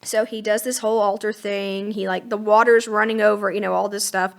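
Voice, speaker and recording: A woman co-hosting a Bible teaching podcast, retelling scripture in a chatty, casual way with lively acted-out quotes. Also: medium pitch, a little fast, creaky.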